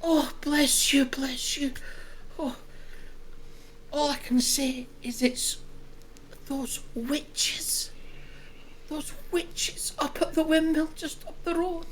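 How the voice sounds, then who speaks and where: Lady playing a scottish village mum, panicky and whispery, slow shaky talk. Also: high-pitched, steady tone, slight background noise, low-quality recording. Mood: fearful whispering. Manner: frantic, tearful, dropping to fearful whispers. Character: distraught Scottish village mother pleading for help.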